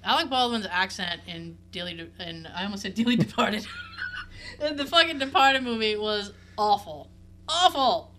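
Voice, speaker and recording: Woman, casual co-host chat, candid and profane, bright sharp voice. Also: medium pitch, lively intonation, moderate pace, a little hiss or hum. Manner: candid, profane, laughs often.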